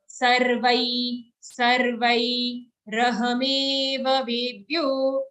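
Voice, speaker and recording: A woman's voice: a little high, fairly even intonation, a little slow, fairly bright tone, poor audio. A woman teaching verse recitation in an online class, patiently repeating syllables and alternating chanting with short explanations.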